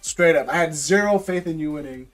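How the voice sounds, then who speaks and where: Faint music plays behind a man with a fairly high, slightly fast voice as he sells trading card packs live. He's relaxed and casual, talking to viewers and addressing them as bro.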